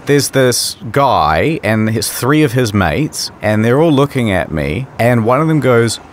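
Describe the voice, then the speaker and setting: A man's voice: medium pitch, big pitch swings, a little slow, a little hiss or hum. A man on a podcast, telling a wry personal anecdote in casual chat. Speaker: podcast co-host.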